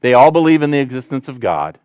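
A male pastor preaching a conversational sermon to his congregation, switching between loud, animated rises and quiet, low asides. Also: quick pace, clear, resonant tone, no room sound.

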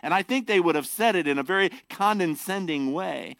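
A man preaching a sermon, animated and emphatic as he explains scripture to his congregation. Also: fairly high pitch, moderate pace, no room sound. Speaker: pastor.

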